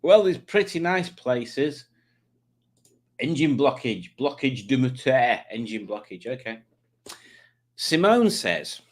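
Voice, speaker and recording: Bloke on a live stream, chatty and jokey, reading out comments and messing about. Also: male voice, mid-range voice, sing-song, slow, pauses often. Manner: chatty, jokey, does silly voices for commenters.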